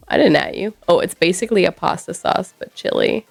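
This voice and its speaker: A woman streaming live, chatting loosely and answering her chat with playful asides. Her voice sits fairly low and carries a lot of vocal fry. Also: fairly quick, soft background music. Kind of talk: casual chat with viewers.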